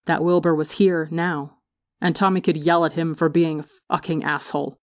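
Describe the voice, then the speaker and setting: A woman reading fan fiction aloud as an audiobook narrator, expressive on the emotional beats. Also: low voice, normal speed, dry recording, studio quality. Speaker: audiobook reader. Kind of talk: storybook narration.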